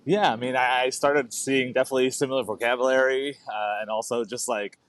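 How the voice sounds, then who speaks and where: A man from the Netherlands answers interview questions in a relaxed, casual way. He often stops to restart and fills gaps with "uh" and "like," and his voice is dry and close, with no room sound. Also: mid-range voice, a little fast, no echo. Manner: hesitant, many fillers and restarts, laid-back. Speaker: guest.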